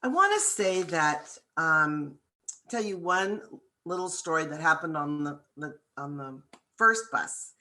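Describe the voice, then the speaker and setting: A woman hosting a virtual event, telling a heartfelt story in an earnest, unhurried way before introducing a guest. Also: low-pitched, very animated, pushed and bright. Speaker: program organizer hosting the event.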